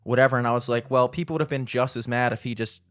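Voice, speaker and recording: A man co-hosting a podcast in casual, animated chat, swearing and laughing often. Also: medium pitch, fast talker, dry recording, studio quality. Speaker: podcast co-host.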